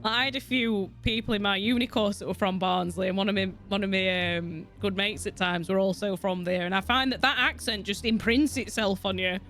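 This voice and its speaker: Woman, streamer, casual gameplay chat, giggly, swears a lot, rambling, middle pitch. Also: a little fast, hardly any pauses, fairly bright tone, faint music behind.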